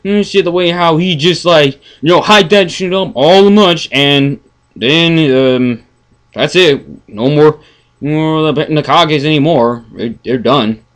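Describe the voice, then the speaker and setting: A man ranting in a casual review, profane and exasperated, stammering and swinging from mumbling to yelling. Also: fairly high pitch, slow pace. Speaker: anime reviewer.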